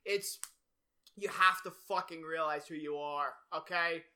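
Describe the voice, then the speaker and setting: A man's voice: a little high, steady tone, unhurried, sharp tone, clear, resonant tone. A man hosting a podcast in casual chat, rambling, swearing and often laughing. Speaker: podcast host.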